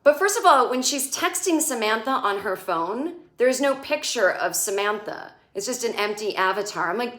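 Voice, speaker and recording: Woman comic ranting through a tv recap, sarcastic, swears a lot, middle-pitched voice, kinda echoey room. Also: expressive, moderate pace, few pauses, fairly bright tone. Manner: chatty, sarcastic, swears freely, acts out characters' lines. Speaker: comedian recapping a TV show. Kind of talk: casual comedic recap.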